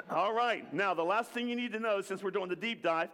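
A man gives a jokey, interactive sermon and gets the congregation to chant along. His voice sits a little high for a man. It rings out with the long reverb of a big hall. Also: moderate pace, a bit bright. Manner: jokey, leads the crowd in call-and-response. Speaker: preacher. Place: church hall with an audience.

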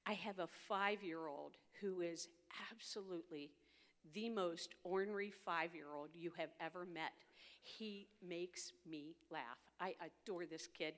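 A woman's voice: fairly low pitch, measured pace, fairly bright tone. Older lady telling her story, earnest and heartfelt, big echoey hall. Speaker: girls' ministry leader. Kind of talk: personal testimony talk. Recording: long hall reverb.

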